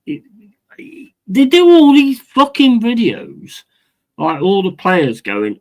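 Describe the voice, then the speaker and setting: Guy streaming a footy watch-along, pissed off, swearing every other word, bit high pitched. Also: huge pitch swings, slow pace, poor audio. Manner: swears constantly, repeats himself, chats with viewers. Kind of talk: angry live-stream rant.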